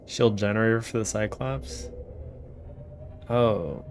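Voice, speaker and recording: A man's voice: on the low side, slow pace, darkish tone, slight background noise. A man streaming a game, casually thinking aloud and rambling between tasks. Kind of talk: casual gameplay commentary.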